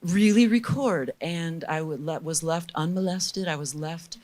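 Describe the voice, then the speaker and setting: A middle-aged woman being interviewed as a guest, telling lively, candid stories and acting out the people she quotes. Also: deep voice, a little slow, a crowd in the background. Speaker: guest recording engineer. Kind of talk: storytelling in a casual interview.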